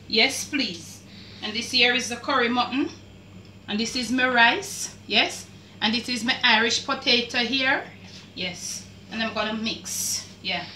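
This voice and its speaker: A Jamaican woman hosting a home cooking vlog, chatting slowly with drawn-out, emphatic phrases, heard in her kitchen. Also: fairly high pitch, pushed and bright, echoey room, recorded from a distance, slight background noise, rough recording. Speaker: cooking channel host.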